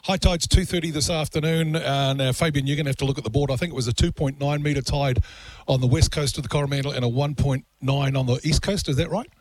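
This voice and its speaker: A man's voice: medium pitch, fairly even intonation, fast, no echo. A man with a New Zealand accent hosting a live outside radio broadcast, chatty and joking, laughing often.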